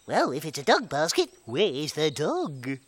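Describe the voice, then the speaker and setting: A woman voicing a playful, excitable little frog creature who barks like a dog in a children's TV show. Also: deep voice, a little slow, husky, exaggerated voice. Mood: excited. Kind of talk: children's TV character acting.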